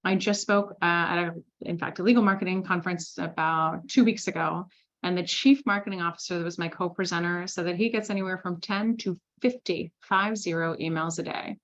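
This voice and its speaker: A woman giving a recorded sales masterclass, talking in a lively, chatty way and often slipping into quoted asides. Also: on the low side, a little fast, highs cut off. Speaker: sales trainer.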